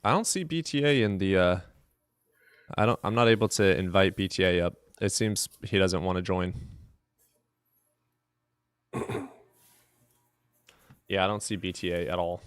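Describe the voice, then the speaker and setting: A man's voice: low-pitched, a little slow, pauses often, clean tone, no echo, studio quality. A man hosting a live stream from his desk at home, chatting casually and telling rambling, profane stories.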